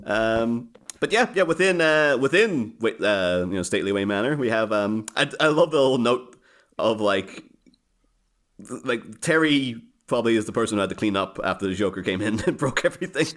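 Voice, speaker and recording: A man of average pitch chatting casually as a podcast co-host. He rambles through his explanations and laughs as he goes. His voice comes through a remote call microphone. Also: lively intonation, normal speed, fairly bright tone.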